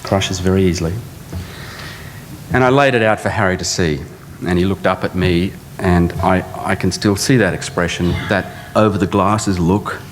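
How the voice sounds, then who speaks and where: A man's voice: low voice, moderate pace. A middle-aged man, an architect, introducing a speaker with dry, anecdotal stories, now and then putting on an accent. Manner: dry storytelling with occasional accent impressions. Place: large lecture theatre. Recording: long reverb in a large lecture hall, faint hum.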